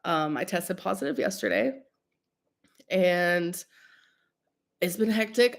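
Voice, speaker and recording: A young woman talks to her viewers on a live stream, her voice edged with a gravelly fry. She rambles loosely, full of "like" and "um". She sounds run down and under the weather. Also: fairly low pitch, expressive, takes it slowly, pauses often. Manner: rambling, filler-heavy, chatty. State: sick with a cold-like illness. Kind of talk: casual live stream chat.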